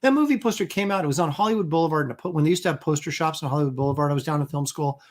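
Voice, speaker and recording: A man's voice: a little high, very fast. Rambling middle-aged man chatting casually. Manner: rambling, self-mocking, many fillers and restarts. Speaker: host of a live comic art stream.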